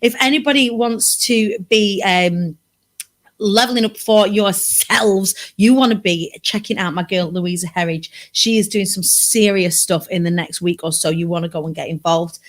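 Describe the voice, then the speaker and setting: A woman's voice: medium pitch, normal speed. A woman from Britain hosting a casual livestream from her sofa, bubbly and chatty with rambling asides. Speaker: livestream host. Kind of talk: casual live chat. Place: home sofa.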